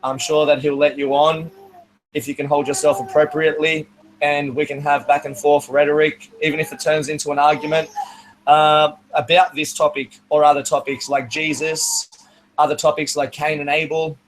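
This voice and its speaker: A man hosting an online talk show in a measured, hesitant way and inviting listeners to join. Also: a little high, level tone, slight background noise, rough recording. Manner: measured, hesitant, many "uh" fillers.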